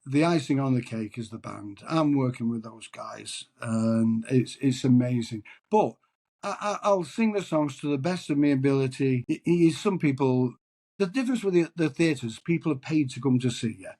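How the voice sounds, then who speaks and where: A man's voice: mid-range voice, animated, normal speed, mellow. A man answering interview questions as a tribute singer, chatty and storytelling, often repeating words.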